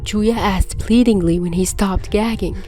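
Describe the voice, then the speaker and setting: Mellow, hushed woman reading a podfic. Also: mid-range voice, soft background music. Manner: soft, hushed, slowing into whispers. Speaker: podfic reader. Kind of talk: fan fiction audiobook narration.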